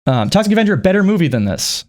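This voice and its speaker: A young man with a slightly high voice ranting casually about a movie. He rambles and swears freely, and he keeps breaking into jokey impressions. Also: big pitch swings, racing, darkish tone. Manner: rambling, profane, jumps into mock impressions. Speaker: youtuber reviewing a film. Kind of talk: casual comedic movie rant.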